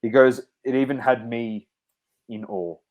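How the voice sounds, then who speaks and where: This co-host speaks at an unhurried pace in a mid-range voice, captured on a muffled recording. Chatting casually on the podcast, he trades teasing banter with the others, laughs, and calls them mate.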